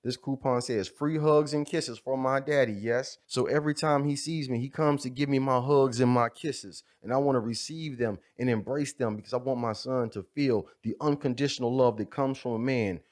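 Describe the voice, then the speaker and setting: A man's voice: mid-range voice, steady tone, moderate pace, hardly any pauses, a little mellow. A man giving a fervent, preacher-like motivational talk about fatherhood, building on repeated refrains. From USA. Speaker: video creator speaking on fatherhood. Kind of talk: impassioned motivational monologue.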